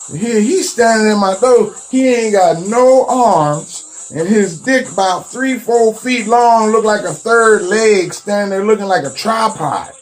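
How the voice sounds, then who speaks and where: A man telling a profane comic story as a self-styled witch doctor, drawling and animated. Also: high voice, unhurried, few pauses, soft background music.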